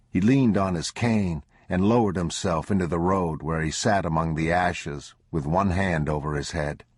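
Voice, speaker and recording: Deep slow husky male narrator. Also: dry recording, studio quality. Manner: low measured grim delivery. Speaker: audiobook narrator. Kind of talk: scripted narration.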